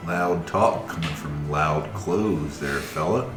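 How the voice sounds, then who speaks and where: A man's voice: very deep voice, takes it slowly, a bit bright. A man playing a tabletop game, making dry wisecracks at other characters. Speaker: player. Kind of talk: casual tabletop game chat. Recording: echoey room with music.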